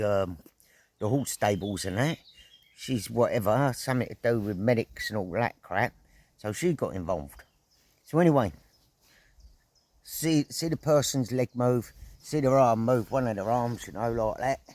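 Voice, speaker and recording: A middle-aged man vlogging outdoors at an evening camp, telling a story in a casual, animated way, full of slang, swearing and sound effects. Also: medium pitch, normal speed.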